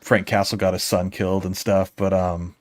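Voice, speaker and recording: A man's voice: sits low, little pitch movement, moderate pace, dry recording, studio quality. A man in his forties, a comic book artist, talking through ideas in a rambling casual chat with chuckles between thoughts.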